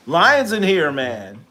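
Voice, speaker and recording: Livestream host, male, slightly high voice, slow animated banter with chat. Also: a little hiss or hum. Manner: animated, joking, rhetorical questions. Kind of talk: casual livestream chat reacting to viewers.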